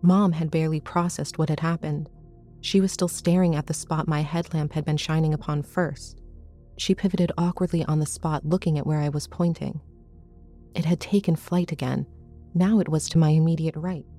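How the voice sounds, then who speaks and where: In a low, mellow voice, a woman narrates a first-person horror story, keeping a measured, suspenseful pace and fairly even intonation. Soft, faint music plays underneath.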